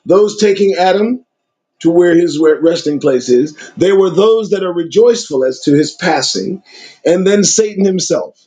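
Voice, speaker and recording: A man's voice: high voice, mellow, low-quality recording. A man reading old scripture aloud and breaking off into casual commentary full of emphatic rhetorical questions.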